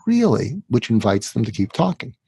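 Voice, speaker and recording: A man's voice: medium pitch, big pitch swings, moderate pace, mellow, husky, dry recording. A man, a psychiatrist, being interviewed, who explains his method step by step and now and then acts out what a troubled patient might say. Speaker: psychiatrist guest.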